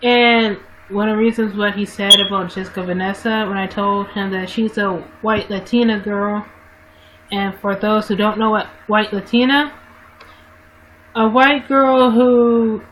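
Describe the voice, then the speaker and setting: A woman's voice: medium pitch, measured pace, a bit bright, slight background noise, low-quality recording. A woman vlogger talking casually to her livestream viewers into a webcam mic, rambling and often correcting herself. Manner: rambling, frequent self-corrections and restarts.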